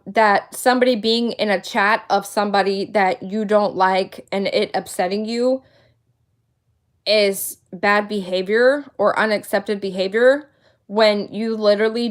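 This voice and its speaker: A woman in her late thirties hosting a casual livestream, venting with indignant, emphatic talk and repeating her points for emphasis. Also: mid-range voice. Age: 30s. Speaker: livestream host.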